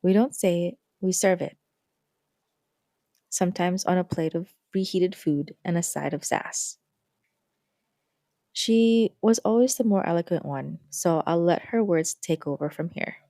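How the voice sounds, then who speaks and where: A woman podcast host, gently and reflectively reading a story aloud. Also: lowish voice, measured pace, long pauses, no room sound, studio quality.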